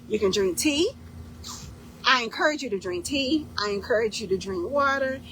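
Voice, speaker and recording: A woman leading a faith-based fasting program in casual instructional talk, emphatic and repeating key points with "okay?". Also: on the high side, a bit bright, a little hiss or hum, rough recording.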